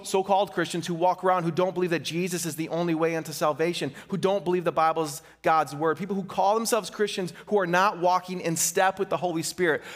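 A man's voice: high voice, fairly bright tone, big-room sound. A man preaching a sermon as pastor, reading scripture dramatically and then challenging his listeners directly. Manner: dramatic, emphatic reading of quoted speech.

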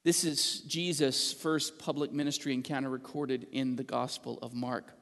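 Earnest pastor preaching in a reverberant church. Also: male voice, medium pitch, little pitch movement, moderate pace, vocal fry, fairly bright tone. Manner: earnest preaching with filler words and restarts, reading scripture aloud. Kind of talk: sermon. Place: church sanctuary. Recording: long reverb of a church hall.

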